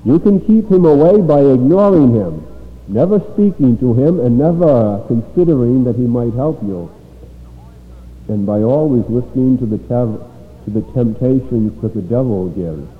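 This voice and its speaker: A man preaching to children in a measured, storytelling sermon voice with dramatic pauses. His voice sits in a middle pitch. The recording is thin and phone-like, with a long reverb trailing off the walls of a hall. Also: animated.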